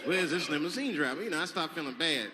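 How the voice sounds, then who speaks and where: A man doing stand-up comedy, telling a story in a loose, profane, conversational way with sudden shouted bursts, on a live stage. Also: a little high, animated, fast talker. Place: comedy stage with audience laughing. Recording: noisy live stage recording.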